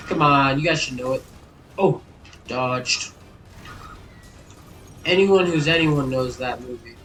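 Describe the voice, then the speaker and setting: A man giving loud, exasperated gameplay commentary as a gaming YouTuber. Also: medium pitch, slow pace, pauses often, recorded from a distance, slight background noise, poor audio.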